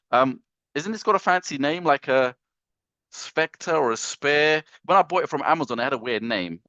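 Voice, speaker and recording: A man's voice: mid-range voice, a bit bright, no echo. A man hosting a live online training session, greeting viewers by name and joking theatrically. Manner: playful, joking, theatrical self-mockery. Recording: dull lo-fi dry sound.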